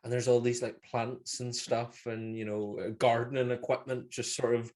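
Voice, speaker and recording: A man's voice: medium pitch, little pitch movement, moderate pace, darkish tone. A man with a Northern Irish accent co-hosting a casual horror film review, rambling and swearing freely as he retells scenes. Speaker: podcast co-host.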